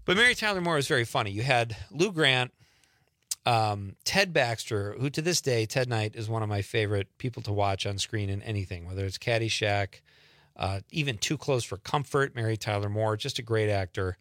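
A man's voice: fairly low pitch, normal speed, a bit bright, dry recording. A man hosting an evening radio show, chatting in a rambling way with self-deprecating asides, in a studio. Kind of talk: casual radio chat. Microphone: studio microphone.

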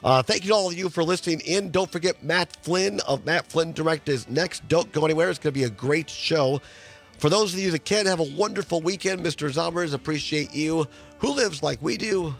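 A man's voice: a little high, brisk, vocal fry, faint music behind. A man hosting a local radio talk show, chatty and full of fillers, with a scratchy voice from being sick. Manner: chatty, with many fillers and restarts. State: hoarse from illness.

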